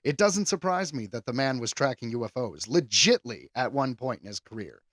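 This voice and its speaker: A man hosting a podcast in casual chat, riffing with animated, self-amused asides. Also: mid-range voice, moderate pace, dry recording, clean studio sound. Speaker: podcast host.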